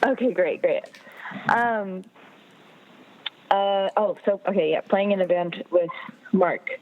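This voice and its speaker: A woman in her thirties, a podcast guest getting over a cold with a slight vocal fry, chatting frankly and swearing casually. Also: medium pitch, takes it slowly, narrow, tinny audio. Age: 30s. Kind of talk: casual chat.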